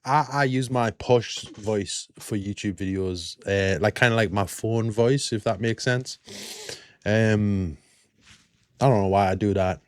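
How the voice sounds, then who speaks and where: A British man hosting a casual reaction video, chatty and quick to laugh. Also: lowish voice, clean tone, dry recording. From Britain.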